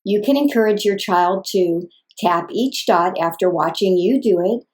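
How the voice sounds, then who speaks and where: A woman speech-language pathologist giving calm, clear, scripted instructions for parents. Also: mid-range voice, unhurried.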